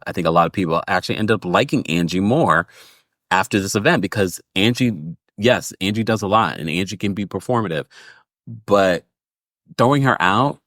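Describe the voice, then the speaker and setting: A man's voice: low voice, a bit bright, no echo, clean studio sound. A man hosting a casual reality TV recap, talking animatedly and acting out quotes in a raised voice. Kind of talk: casual commentary.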